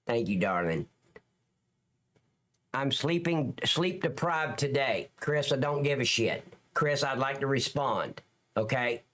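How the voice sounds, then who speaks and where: A man's voice: medium pitch, animated, slow, pauses often, a bit bright. A man with a Southern Alabama accent, hosting a livestream in a joking, rambling way and talking to his chat viewers by name. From lower Alabama, US. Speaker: livestream host.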